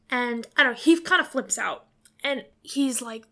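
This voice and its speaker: A woman's voice: high voice, animated, moderate pace, pushed and bright. A woman co-hosting a podcast, recapping a movie in a rambling, casual way full of fillers and the odd swear. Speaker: podcast co-host.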